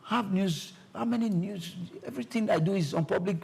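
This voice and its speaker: A man with a Nigerian accent, a guest telling an animated story and acting out the people in it. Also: a little fast, creaky, breathy edge. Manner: acts out quoted exchanges, shifting pitch for each person.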